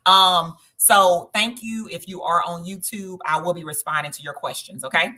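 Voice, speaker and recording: A woman's voice: on the low side, fairly even intonation, normal speed, few pauses, sharp tone. A woman from Southern Georgia with a Southern accent, hosting a travel group livestream in a chatty, casual way, often checking in with viewers with "okay?". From Southern Georgia, USA. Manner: chatty, addresses viewers directly, frequent "okay?" tags.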